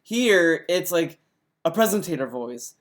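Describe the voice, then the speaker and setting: A man's voice: fairly high pitch, expressive, measured pace. A man giving casual reaction commentary on clips he plays, rambling and restarting his sentences. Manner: rambling, many restarts and fillers. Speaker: commentary youtuber.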